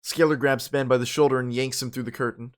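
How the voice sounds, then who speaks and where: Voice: medium pitch, steady tone, fast talker, a little hiss or hum. A narrator reading a story game aloud in the first person, with casual asides.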